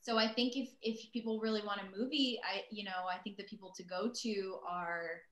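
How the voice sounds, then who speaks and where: A woman in her thirties talks through an interview over a video call, loose and chatty with plenty of ums and self-mocking asides. Her voice sits at a middling pitch. The room around her rings with a noticeable echo. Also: steady tone, moderate pace, fairly bright tone. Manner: chatty, self-deprecating, many fillers. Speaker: voice actress guest. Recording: roomy echo.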